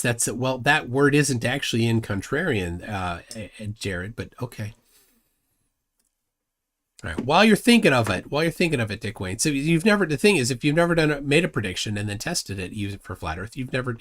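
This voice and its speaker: A man's voice: mid-range voice, sing-song, brisk. A man hosting a live stream, arguing combatively and mocking his opponent while reading chat comments aloud. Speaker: livestream host.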